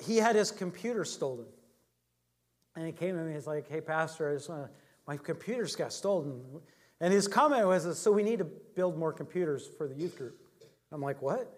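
A middle-aged male pastor with a slightly high voice preaches a sermon. He speaks conversationally, telling stories and often chuckling at his own anecdotes.

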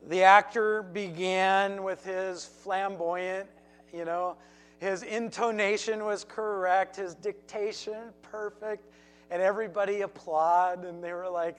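A man's voice: high-pitched, steady tone, measured pace, low-quality recording. A man preaching a sermon as pastor, telling a story with emphatic repeats and acted quotes.

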